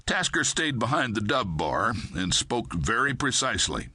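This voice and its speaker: A man narrating a crime thriller audiobook in a steady, measured way. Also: mid-range voice, husky, no echo, clean studio sound.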